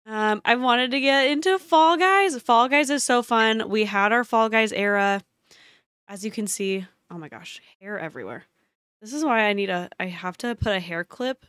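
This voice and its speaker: A woman streamer talking to her viewers during a live game stream, excitable, often gasping and exclaiming. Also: fairly high pitch, no room sound, studio quality. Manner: chatty, addresses her viewers directly.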